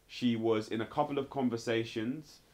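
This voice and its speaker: Steady in tone and moderate in pace, this man's slightly mellow mid-range voice carries a casual TV episode review. He rambles a lot, using "like" and "sort of" over and over.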